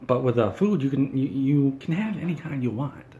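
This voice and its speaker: A man's voice: medium pitch, lively intonation, moderate pace, dark tone, lo-fi sound, a little hiss or hum. A man doing an in-character comedy monologue, ranting in an indignant, whiny, self-important way.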